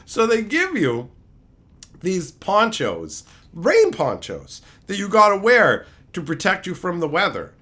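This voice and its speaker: A man's voice: high-pitched, wildly swooping pitch, takes it slowly. Guy ranting on his stream, swears a lot, voice swings all over the place. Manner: profane, exasperated, escalating into shouting rants. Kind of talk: ranting storytelling to a live chat.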